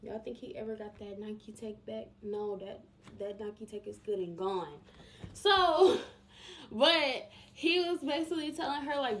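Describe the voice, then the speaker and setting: Young woman, slightly high voice, casual and emphatic storytime vlogger. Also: animated, a little slow. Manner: chatty and emphatic, addresses viewers directly.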